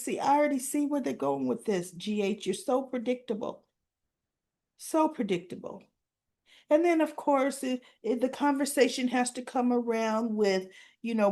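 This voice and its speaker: A woman casually recapping soap opera scenes, acting out the characters' lines and talking back to them with animated indignation. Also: fairly high pitch.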